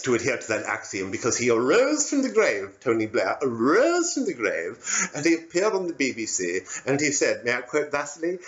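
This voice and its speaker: A man's voice: mid-range voice, fairly bright tone. A man doing a rambling British pub bloke. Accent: put-on British. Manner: rambling, repetitive, earnest and self-correcting. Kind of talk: satirical stand-up character monologue. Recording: dull lo-fi audio.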